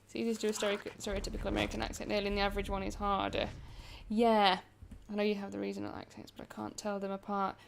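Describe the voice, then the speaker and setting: A woman from England with a northern English accent, chatting casually with viewers while playing a game, rambling and quick to laugh. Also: medium pitch, flat delivery, creaky, a little hiss or hum. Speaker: gaming streamer.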